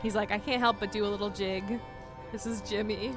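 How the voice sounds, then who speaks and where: A woman streaming a video game live, chatting with viewers and breaking into loud yells and laughter. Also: medium pitch, fairly quick, over music. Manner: animated, bursts into yelling and laughter. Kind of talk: live gameplay commentary.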